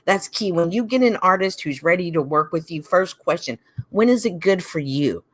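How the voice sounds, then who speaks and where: A woman's voice: on the low side, expressive, moderate pace. A middle-aged woman hosting a talk show, speaking emphatically in casual, heated chat and repeating her points. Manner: emphatic, repeats points, mimics others in quoted asides. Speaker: podcast host.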